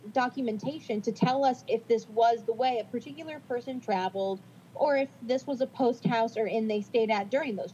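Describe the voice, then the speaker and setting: High-pitched woman podcasting, chatty and giggly, kinda muffled mic with a low hum. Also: warm tone. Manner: chatty, giggly, self-deprecating. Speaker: podcast co-host. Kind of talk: casual podcast chat, reading notes.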